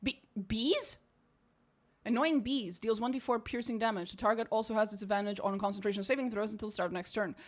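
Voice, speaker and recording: A woman's voice: on the high side, brisk, pushed and bright. A young woman from Portugal with a shifting accent, mostly British or American with a slight Portuguese edge, giving blunt, profane, laughing commentary while streaming a game. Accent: shifting, mostly posh British or American, slight Portuguese.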